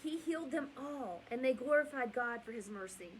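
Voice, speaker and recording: A woman's voice: high voice, animated, normal speed, a little hiss or hum, low-quality recording. A middle-aged woman hosting bedtime Bible stories, chatty and rambling, with asides and self-corrections. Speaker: storyteller and host.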